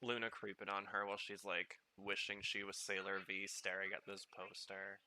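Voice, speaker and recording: A man hosting a podcast, giving casual, rambling commentary full of fillers and excitable reactions while watching a show. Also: sits low, moderate pace, slight background noise. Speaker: podcast host.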